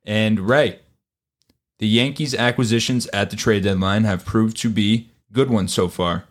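A man hosts a casual sports podcast in a lowish, steady, unhurried voice. The chat is animated and full of swearing, and he imitates other people in exaggerated voices.

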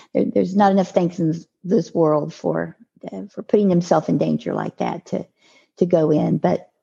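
Older woman, gravelly and halting. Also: fairly low pitch, dark tone, highs cut off. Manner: halting, with restarts and repeated words. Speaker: podcast guest. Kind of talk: emotional personal storytelling in an interview.

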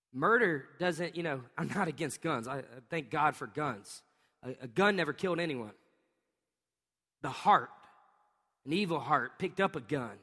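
A male pastor with a bright, high voice preaches to a congregation, mixing a lively family anecdote with scripture. He laughs often and acts out sounds as he tells the story. His voice rings out through the long reverb of a large hall. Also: husky. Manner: animated storytelling with bursts of acted-out sounds; laughs often while telling stories. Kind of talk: sermon.

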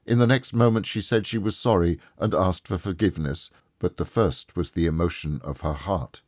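A man reads an audiobook in a low, husky voice, measured and expressive. The recording is dry and close. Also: no room sound. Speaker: narrator. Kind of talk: scripted audiobook narration.

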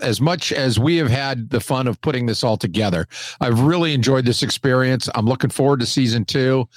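A man co-hosting a podcast, chatting in a relaxed, friendly way with some restarts. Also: mid-range voice, no echo, clean studio sound. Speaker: podcast co-host. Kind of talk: casual chat.

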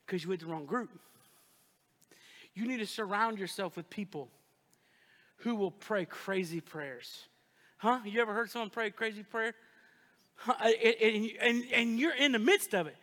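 High-voiced pastor preaching in a reverberant hall. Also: male voice, normal speed, pauses often. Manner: folksy, animated preaching with audience call-outs. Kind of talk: sermon. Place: large church auditorium.

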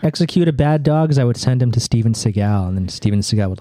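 A man's voice: mid-range voice, lively intonation, fast, dark tone, no room sound, studio quality. A man co-hosting a podcast, trading crude wisecracks in casual chat. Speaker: podcast co-host.

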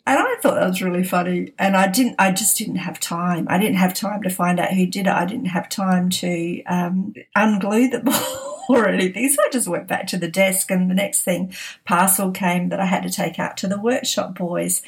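A woman's voice: fairly low pitch, normal speed. Chatty woman telling a funny story. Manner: chatty, laughs often while telling. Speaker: podcast host. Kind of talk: casual storytelling.

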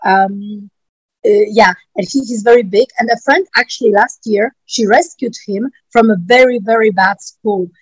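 Husky-voiced woman. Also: mid-range voice, moderate pace, no echo, low-quality recording. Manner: animated storyteller, frequent "you know" fillers. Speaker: riding school owner. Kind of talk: casual interview talk.

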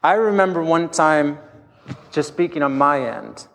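A man's voice: a little high, animated, measured pace, creaky, fairly bright tone, big-room sound. A middle-aged man preaching a sermon as pastor, telling candid, self-deprecating stories from his own life.

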